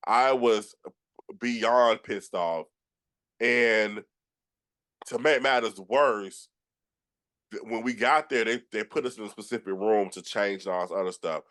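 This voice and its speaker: Brief: Southern man, Georgia accent, low voice, lively storyteller host. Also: measured pace, long pauses. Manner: animated storyteller with frequent restarts, acts out quotes. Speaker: podcast host. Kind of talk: casual storytelling chat.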